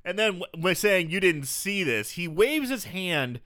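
Animated man recapping a movie. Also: sits high, measured pace. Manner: animated, laughs often, acts out scenes in voices. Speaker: podcast co-host. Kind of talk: casual movie recap chat.

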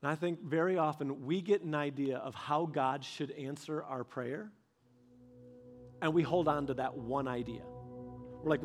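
A man preaching a sermon, telling stories with animated delivery and acting out quoted voices. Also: a little high, moderate pace, faint music behind.

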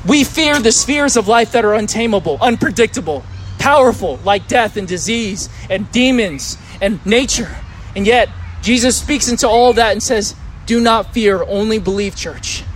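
High voiced guy preaching, chatty, keeps asking the church questions. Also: expressive, moderate pace, slight background noise. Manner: conversational, asks the congregation questions. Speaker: pastor. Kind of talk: sermon.

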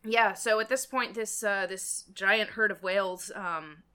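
A woman co-hosting a casual book discussion, recapping with hesitant pauses and fillers. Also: medium pitch, pushed and bright, clean tone. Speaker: podcast co-host discussing a novel.

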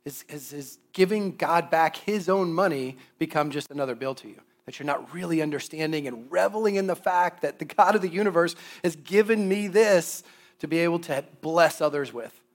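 A man in his thirties preaching a conversational sermon, telling a personal story and getting loud when he acts out his own lines. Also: on the high side, moderate pace. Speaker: pastor.

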